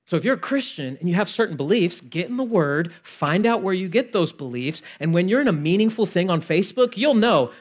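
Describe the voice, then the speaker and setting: A man preaching a sermon as pastor, conversational and animated, acting out both sides of a dialogue and swinging from loud emphasis to hushed asides. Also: high-pitched, fairly quick, few pauses.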